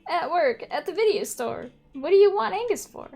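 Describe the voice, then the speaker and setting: A woman voicing an excitable, goofy young male fox in a game, talking in an eager, bouncy way. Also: very high-pitched, moderate pace, gravelly, soft background music, pitched above the performer's own voice, heavily acted. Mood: excited.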